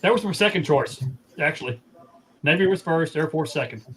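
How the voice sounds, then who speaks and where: A man's voice: on the high side, animated, brisk, fairly bright tone, breathy edge. Matter-of-fact man in his sixties. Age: 60s. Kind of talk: casual group chat.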